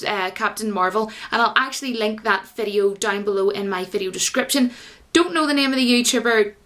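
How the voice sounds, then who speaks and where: Chatty rambling woman vlogger, higher voice. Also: fairly bright tone. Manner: rambling, asks viewers rhetorical questions; addresses viewers as guys. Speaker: YouTuber. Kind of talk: casual vlog commentary.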